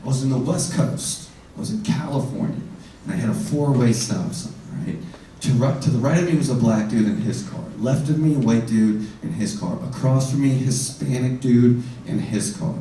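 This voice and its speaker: A man's voice: medium pitch, moderate pace, far from the mic, slight background noise. A young man from the United States performing a stand-up comedy set, acting out both sides of his stories. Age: young adult. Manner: animated, acts out both sides of dialogues. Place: live comedy stage in a venue. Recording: roomy live venue, heard from afar, faint crowd.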